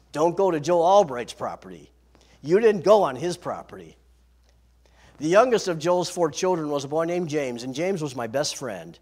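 A man preaching a sermon, lively and slowing down on key phrases. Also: fairly high pitch. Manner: lively preaching, slows for emphasis. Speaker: pastor.

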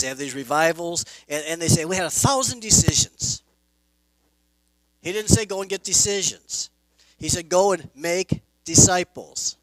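A man preaching a sermon as pastor, emphatic, swelling loud and dropping soft. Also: a little high, dry recording, rough recording. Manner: emphatic preaching with rising and falling volume.

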